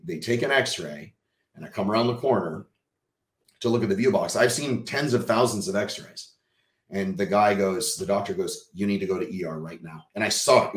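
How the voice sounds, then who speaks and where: A man from Texas tells his own story as a podcast guest. His voice sits on the lower side, and he talks in an animated way, acting out the lines of other people and swearing now and then. The room gives the sound a clear echo. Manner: animated, swears casually, acts out quotes. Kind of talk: personal storytelling in an interview.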